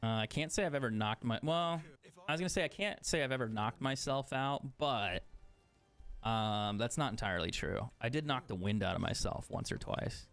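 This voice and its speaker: A man's voice: medium pitch, animated, normal speed, a bit bright, soft background music. A man streaming a video game, chatting casually, swearing often and laughing at himself. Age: adult. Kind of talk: casual chat while gaming.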